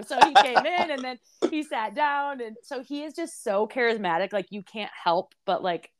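A woman's voice: high-pitched, moderate pace, few pauses, a bit bright. A young woman hosting a casual podcast interview, chatty and bubbly, laughing easily as she tells a story. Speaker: podcast host.

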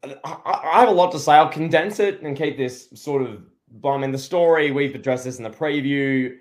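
A man with a fairly high voice talks casually through a wrestling show as a podcast co-host. He rambles and restarts his sentences, then turns sarcastic. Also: moderate pace. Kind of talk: casual wrestling review chat.

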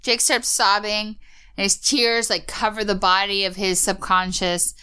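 A woman's voice: medium pitch, little pitch movement, measured pace, sharp tone, clear, resonant tone. A woman co-hosting a podcast, recapping a cartoon episode in casual, opinionated chat and laughing often.

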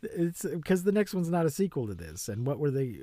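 A man's voice: on the high side, very animated, a little fast, warm tone, no room sound. A man co-hosting a casual podcast, reading a plot summary aloud with wry asides. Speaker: podcast co-host.

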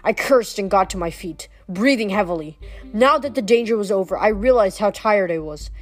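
A woman's voice: mid-range voice, expressive, moderate pace. Woman reading a novel aloud, stumbling often. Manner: often stumbles and restarts words. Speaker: reader.

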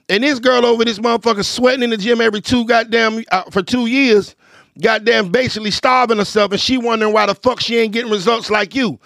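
A man's voice: very high-pitched, creaky, a bit bright, no echo. A man co-hosting a podcast, ranting in casual, profane commentary. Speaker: podcast co-host.

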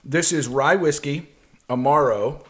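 A man's voice: a little high, measured pace. A man co-hosting a podcast in casual chat, explaining drinks at length and laughing often. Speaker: podcast co-host mixing cocktails.

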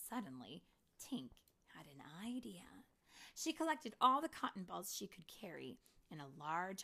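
Hushed woman reading a storybook aloud. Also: lowish voice, creaky. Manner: hushed, often whispered storytelling. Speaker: mother reading to her child.

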